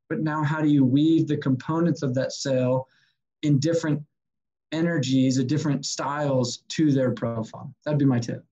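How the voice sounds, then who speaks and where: Animated man telling sales stories. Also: on the high side, moderate pace, lo-fi sound. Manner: energetic, animated, acts out quotes. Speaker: sales consultant guest. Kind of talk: casual storytelling.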